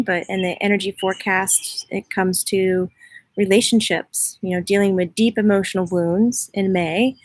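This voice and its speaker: A woman's voice: medium pitch, no room sound. Woman host, casual livestream chat, outdoors in a front yard, greeting viewers. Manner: warm, chatty, reads out viewer greetings. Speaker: host, spiritual medium.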